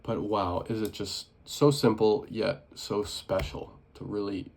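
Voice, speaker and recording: A man's voice: fairly low pitch, fairly even intonation, a little slow, vocal fry, a little mellow, breathy edge. A young man vlogging casually and earnestly about his life, rambling with many restarts and fillers. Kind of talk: casual personal vlog reflection.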